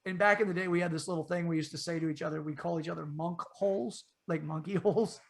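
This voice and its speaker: A middle-aged man telling a story in a casual podcast chat, his voice jumping up and getting loud whenever he quotes himself. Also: on the high side, quick pace, vocal fry. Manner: animated storyteller, voice rises sharply when quoting himself. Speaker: podcast co-host.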